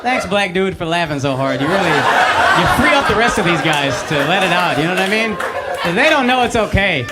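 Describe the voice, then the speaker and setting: Brash male stand-up comic in his thirties, high lively voice, on a handheld mic over roaring crowd laughter. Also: brisk, very noisy. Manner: brash, profane, mocking delivery. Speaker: stand-up comedian. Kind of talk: stand-up comedy set. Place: comedy stage before a live audience. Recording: live show with loud crowd laughter.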